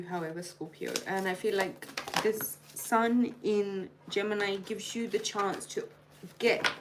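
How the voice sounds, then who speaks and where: A woman's voice: medium pitch, noisy background. A woman live-streaming a tarot reading, chatty and playful, addressing each star sign directly. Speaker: tarot reader.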